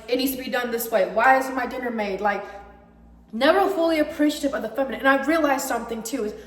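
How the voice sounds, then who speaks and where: A young woman ranting heatedly about a breakup, emphatic and swearing freely. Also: fairly high pitch. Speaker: vlogger. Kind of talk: personal storytime rant. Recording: echoey room with long reverb.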